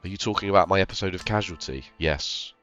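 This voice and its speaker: Deep-voiced man musing over his game. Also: fast talker, a bit bright, dull audio, faint music behind. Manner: rambling, self-deprecating, thinking aloud. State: ill. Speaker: game streamer. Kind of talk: casual gameplay commentary.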